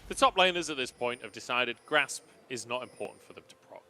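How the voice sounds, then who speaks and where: A man casting a live esports match, giving analysis with lively, laughing banter. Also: mid-range voice, a little fast. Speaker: esports caster. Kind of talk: live color commentary.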